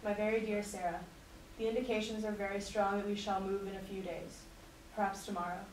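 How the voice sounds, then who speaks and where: A woman's voice: medium pitch, little pitch movement, a little fast, a little mellow. Earnest woman heard from across an echoey room. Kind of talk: class presentation and dramatic letter reading. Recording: echoey room recorded from a distance, faint noise.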